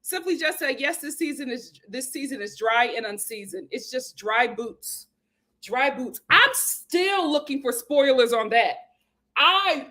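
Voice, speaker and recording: A woman hosting a casual live stream, greeting viewers by name and reading their comments aloud with sassy, lively chatter. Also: on the high side. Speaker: host of a live show. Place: home in Los Angeles.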